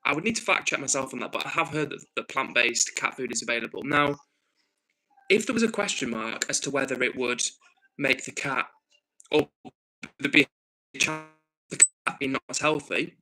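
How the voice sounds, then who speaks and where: A livestream host from the north of England reads out viewer messages on a casual stream, talking earnestly and thinking aloud with frequent ums and restarts. His medium-pitched voice sounds pushed and bright, and the audio is poor.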